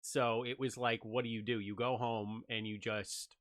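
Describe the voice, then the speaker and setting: A man reacting to a video in casual commentary, loose and hesitant, with a lot of fillers as he thinks out loud. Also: medium pitch, level tone, moderate pace. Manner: loose and hesitant, many fillers, laughs along.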